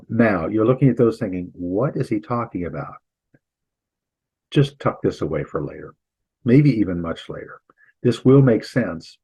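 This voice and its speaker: A man with a somewhat low, husky voice lectures through a computer mic on a video call. He explains step by step, patient and informal, with relaxed asides to his students. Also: lo-fi sound. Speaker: Greek instructor and pastor. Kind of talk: online lecture.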